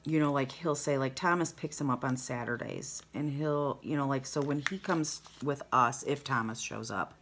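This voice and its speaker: Over a noisy background, a grandmother speaks in a rumbling low voice at normal speed with few pauses. She's decorating pages for her planner vlog, talking in a heartfelt, rambling way that trails into asides.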